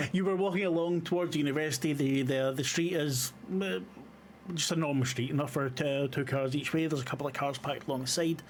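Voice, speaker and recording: A man's voice: a little high, fairly even intonation, fairly quick, a little hiss or hum. A man running a tabletop horror game as game master, describing scenes with frequent ums and uhs. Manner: hesitant, many fillers.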